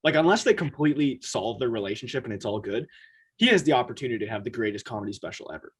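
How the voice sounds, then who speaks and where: Husky man chatting on a podcast. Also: medium pitch. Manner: animated, quick asides, acts out quotes. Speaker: podcast co-host. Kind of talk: casual chat.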